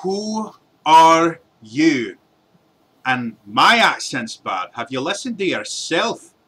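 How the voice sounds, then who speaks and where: A gruff dwarven blacksmith, as a man puts him on, dripping sarcasm through a thick, heavy accent. His voice jumps well above the performer's own, with a bright, forceful edge. He sounds exasperated, as if every request costs him money. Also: a little high, very animated, slow pace, pitched above the performer's own voice, full character voice. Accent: put-on thick accent.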